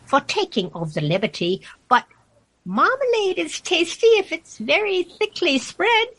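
A woman's voice: very high-pitched, big pitch swings, unhurried, fairly bright tone, pitched above the performer's own voice, exaggerated voice, poor audio. A woman voicing a timid, polite dairymaid while reading a children's poem aloud. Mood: apologetic. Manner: timid, apologetic.

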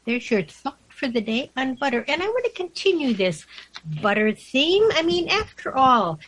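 A woman's voice: sits high, sing-song, normal speed, a bit bright. A woman hosting a community radio show, playful and chatty, who also reads poems aloud. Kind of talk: casual radio chat and poetry reading.

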